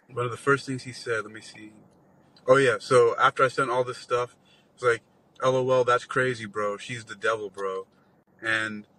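A man in his forties tells a long, rambling story in relaxed conversation. His voice is bright and forceful, sits at an ordinary pitch, and is laced with swearing as he acts out other people's lines. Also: low-quality recording. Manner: rambling, profane, animated retelling with quoted dialogue. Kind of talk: casual storytelling.

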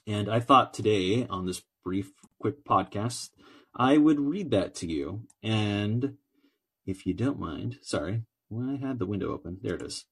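An American man talks on his own podcast in a somewhat low voice. He rambles, with many fillers and false starts, and also reads a long letter aloud. His tone stays casual and conversational. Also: expressive, unhurried, a bit bright, slightly rough. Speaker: podcast host. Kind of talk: solo podcast monologue, reading a letter aloud.

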